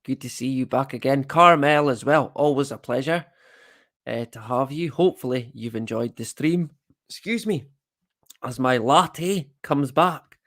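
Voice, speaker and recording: A man's voice: mid-range voice, measured pace, fairly bright tone. A Scottish man hosting a livestream, chatting casually to viewers with self-deprecating, rambling asides. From Scotland. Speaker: livestream host.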